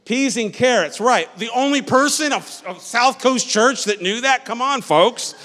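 High-voiced preacher in a reverberant hall. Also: male voice, lively intonation, measured pace, sharp tone. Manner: conversational preaching, asks the congregation "Amen?"; repeats and restarts phrases. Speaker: pastor. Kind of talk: sermon. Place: church sanctuary.

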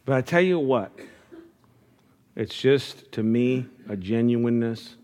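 A man's voice: mid-range voice, lively intonation, slow pace, a little mellow, slight background noise. A middle-aged man preaching a sermon as pastor, earnest and conversational, often restarting his phrases.

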